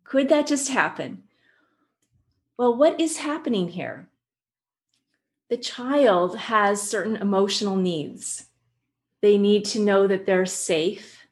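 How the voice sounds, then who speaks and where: A woman guest who works with children, explaining her work in an animated way and telling stories. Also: mid-range voice, slow, long pauses. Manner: animated storyteller, acts out quotes. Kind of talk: conversational explanation with anecdotes.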